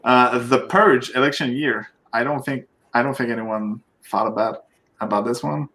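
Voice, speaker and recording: A man's voice: medium pitch, normal speed, pushed and bright. Male guest, mid voice, hesitant and filler-heavy. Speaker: podcast guest. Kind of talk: casual chat.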